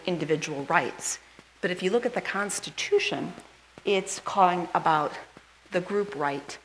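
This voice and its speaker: A woman's voice: sits low, a bit bright, a little hiss or hum, rough recording. A woman pastor, giving a casual sermon and chatting with her congregation as she runs through a list. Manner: chatty, asks the congregation questions; rushes through a list, skipping items. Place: church sanctuary.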